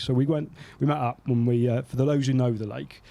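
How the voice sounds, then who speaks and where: A man from England hosting a podcast, telling anecdotes in a casual, lively way and acting out the people he quotes. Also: medium pitch, fast, vocal fry, slight background noise. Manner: animated, acts out quoted voices in anecdotes. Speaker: podcast host. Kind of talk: casual storytelling chat.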